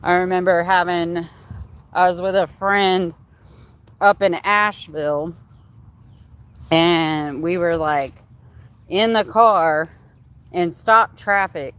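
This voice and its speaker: A woman's voice: on the low side, fairly even intonation, slow, pauses often, fairly bright tone, clear, resonant tone. A young adult woman hosting a livestream, telling a candid personal story in casual, heavily profane talk. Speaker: livestream host.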